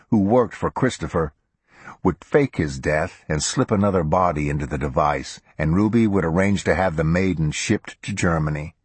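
A man narrating a crime novel as an audiobook in a steady, measured way. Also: sits low, husky, no room sound. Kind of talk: scripted narration.

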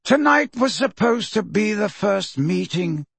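A man reading an audiobook, voicing a calm, pleasant old male headmaster wizard with gentle irony. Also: high voice, unhurried, gravelly, breathy edge, no echo, voice pushed up, exaggerated voice.

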